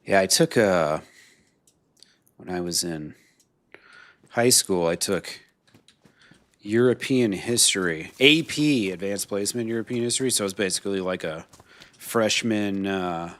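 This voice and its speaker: A man's voice: on the low side, animated, unhurried, long pauses, a bit bright. An American man, probably in his thirties, chatting casually and profanely on a live game stream, laughing often between rambling stories. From United States. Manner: swearing, laughing, rambling asides. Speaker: gaming streamer. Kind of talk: casual live-stream chat while playing.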